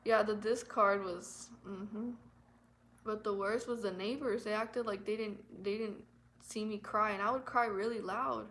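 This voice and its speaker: Bright-voiced woman telling a painful story. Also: medium pitch, steady tone, a little hiss or hum, rough recording. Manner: emotional, halting, repeats herself, nervous laughs. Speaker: vlogger. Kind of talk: personal storytelling vlog.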